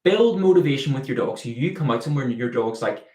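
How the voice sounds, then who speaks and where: A man's voice: medium pitch, expressive, quick pace, a little mellow, roomy sound. A man, a dog trainer, answering viewer questions in a live Q&A, explaining with everyday analogies and acting out the dog's thoughts.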